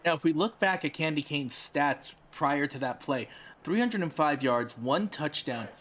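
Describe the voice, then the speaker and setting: A man's voice: a little high, expressive, measured pace, fairly bright tone. Man with a New York accent breaking down stats. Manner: analytical, quotes stats. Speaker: color commentator. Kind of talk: live color commentary.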